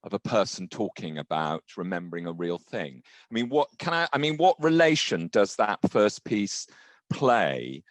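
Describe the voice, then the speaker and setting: A man's voice: on the low side, sing-song, moderate pace, no room sound. A middle-aged male professor moderating a panel, asking questions in a hesitant, searching way. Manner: hesitant, searching phrasing with restarts.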